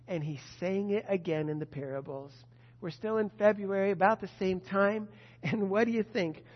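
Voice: medium pitch, big-room sound, highs cut off. A preacher giving a sermon, retelling scripture as a story and asking the listeners rhetorical questions. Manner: storytelling with rhetorical questions, addresses a disciple directly.

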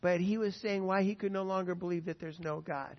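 A man preaching a sermon with an animated, emphatic delivery, often acting out quotes. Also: high-pitched, a little fast. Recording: dull lo-fi sound with long reverb.

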